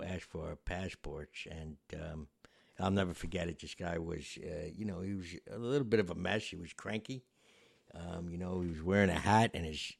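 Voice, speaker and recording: A man's voice: deep voice, gravelly. A man hosting a podcast, telling a story in a meandering, reflective way with many fillers. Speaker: podcast host. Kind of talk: casual storytelling.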